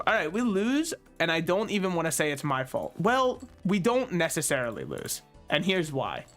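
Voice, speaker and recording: A man's voice: a little high, huge pitch swings, normal speed, hardly any pauses, a bit bright, faint music behind. A man giving casual, joking commentary while he plays a card game, teasing the game and poking fun at himself. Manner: joking, self-deprecating, talks to the game. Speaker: gaming channel host.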